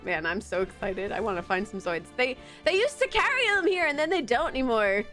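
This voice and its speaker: A woman's voice: fairly high pitch, big pitch swings, a little fast, a bit bright, faint music behind. A woman hosting a live stream, chatting casually with friends, ranting with lots of swearing and laughter. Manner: ranting, profane, laughing often. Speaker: streamer, host of the live dub. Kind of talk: casual chat.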